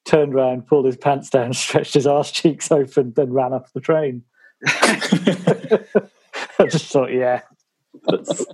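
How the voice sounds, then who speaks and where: A man's voice: medium pitch, steady tone, takes it slowly, pauses often, a little mellow, slightly rough. A man co-hosting a football podcast, telling stories in casual chat with chuckles. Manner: storytelling with chuckles. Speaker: podcast co-host.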